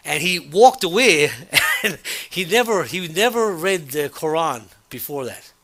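Bright-toned man preaching conversationally. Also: a little high, measured pace. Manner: conversational, with frequent restarts and chuckles; quotes dialogue in an animated retelling. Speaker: pastor. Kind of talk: sermon with personal story.

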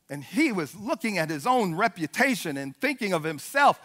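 Fervent preacher man, very high and bright. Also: normal speed, few pauses. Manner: fervent, animated preaching with shouted peaks and acted-out Bible dialogue. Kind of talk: sermon.

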